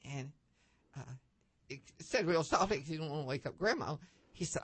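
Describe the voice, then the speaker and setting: A woman guest on a faith-based talk show, telling anecdotes with lively upward leaps in pitch and many restarts. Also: moderate pace, slightly rough, no room sound. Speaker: guest panelist.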